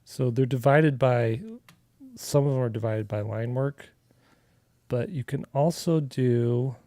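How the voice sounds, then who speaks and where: A middle-aged man from Arizona talks through a digital coloring lesson in a loose, conversational way, full of little fillers and restarts. His voice is mellow and warm, at a middling pitch. The recording is close and dry. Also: dry recording. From Arizona, USA. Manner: relaxed and chatty, with filler words and restarts, talking while he works. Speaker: artist teaching a digital coloring tutorial. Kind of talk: casual live drawing tutorial.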